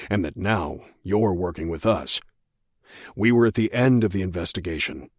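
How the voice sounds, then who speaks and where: A menacing male federal agent, as a man puts him on in an audiobook, low-voiced and measured. He speaks slowly, with quiet, controlled threat, and the recording is close and dry with no room sound. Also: breathy edge, dry recording, full character voice.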